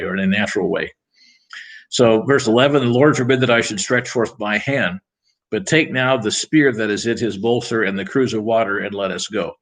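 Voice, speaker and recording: A low-quality recording from a church captures a man with a lowish, somewhat bright voice leading Bible study. He reads each verse aloud, then explains it casually in everyday language.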